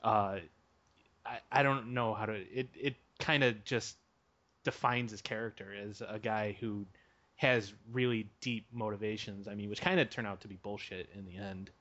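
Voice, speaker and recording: A man's voice: fairly low pitch, steady tone, normal speed, fairly bright tone. A man talking casually and teasingly about a movie, heard over a dull call recording.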